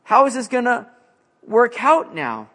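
A man voicing an anxious male prophet pleading urgently with God, his voice pushed up high. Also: very animated, measured pace, fairly bright tone, heavily acted.

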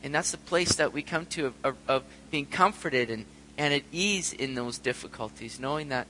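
A man's voice: mid-range voice, normal speed, sharp tone, in a large hall, slight background noise, poor audio. A middle-aged man preaching a sermon in an earnest way, sometimes acting out prayers and voices. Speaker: pastor.

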